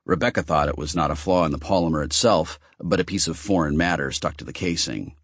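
A man's voice: very deep voice, a little fast, dry recording, studio quality. A man narrating a novel as an audiobook, reading expressively.

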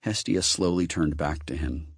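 A man's voice: very deep voice, normal speed, vocal fry, breathy edge, no echo, clean studio sound. A man narrating a novel as an audiobook, reading expressively.

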